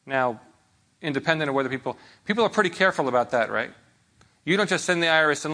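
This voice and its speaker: A man's voice: a little high, expressive, fast talker, pushed and bright. A man preaching a sermon in a conversational way, often checking in with his listeners.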